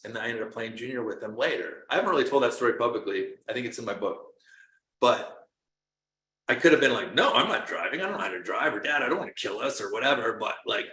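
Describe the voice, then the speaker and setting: Earnest motivational coach man, bright voice. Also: mid-range voice, a little hiss or hum. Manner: earnest, storytelling, swings from quiet to loud. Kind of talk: motivational talk. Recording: roomy echo.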